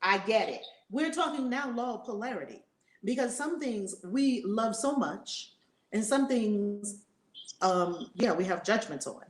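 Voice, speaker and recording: A woman spiritual teacher telling a story in an animated, conversational way. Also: mid-range voice, a little slow, echoey room. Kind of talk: storytelling lesson.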